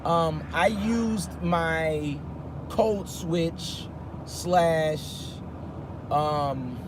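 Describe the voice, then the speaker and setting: A man in his fifties talks casually on a live stream from the driver's seat, with a voice sitting a bit high for a man. The window is down, and clear street and traffic noise fills the phone recording. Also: extremely slow. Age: 50s. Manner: talks loosely, reads viewer comments aloud. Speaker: rideshare driver livestreaming. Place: inside a car with the window down.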